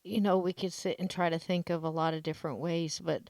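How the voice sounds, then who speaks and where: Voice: mid-range voice, level tone, a little fast, vocal fry, a little mellow, no echo. A podcast host in casual chat, responding with short backchannels and remarks.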